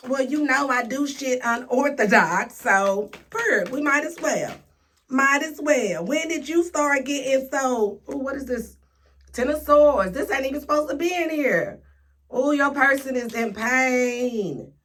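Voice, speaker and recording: A woman's voice: high-pitched, animated, unhurried, a bit bright. A woman giving a casual, sassy tarot reading, talking straight to her viewers with playful slang. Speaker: tarot reader.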